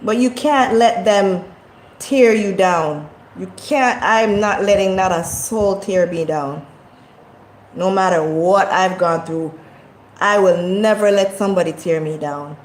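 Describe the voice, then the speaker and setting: A woman's voice: medium pitch, takes it slowly, a little hiss or hum. A woman vlogging in a casual motivational talk, speaking in a passionate, preachy way and repeating her points for emphasis. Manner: impassioned, preachy, repetitive. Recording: echoey room.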